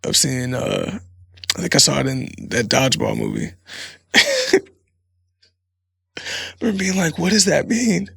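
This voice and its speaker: A man's voice: medium pitch, huge pitch swings, measured pace, gravelly, pauses often, pushed and bright, breathy edge, no echo, studio quality. A man hosting a podcast in a casual comedic monologue, rambling and swearing freely, laughing often. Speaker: podcast host.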